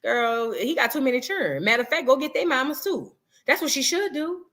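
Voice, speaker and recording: Woman livestream host, sassy chatty read; high and bright. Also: expressive, brisk. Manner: chatty, sassy, calls viewers girl and boo. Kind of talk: casual livestream chat reading super chats.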